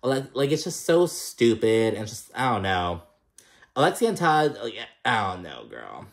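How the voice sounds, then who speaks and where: A man's voice: sing-song, measured pace. A young man recapping a reality show in a casual rant, swearing freely and sounding fed up with the cast. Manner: profane, exasperated, mimics cast members in higher voices.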